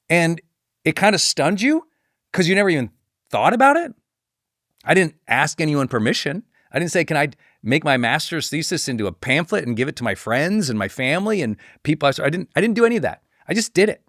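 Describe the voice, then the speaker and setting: A middle-aged man hosting a podcast, telling a personal story in a lively way and acting out the voices of the people he quotes. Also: fairly quick, no room sound, clean studio sound. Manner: animated, acts out quoted voices with pitch jumps. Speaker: podcast host.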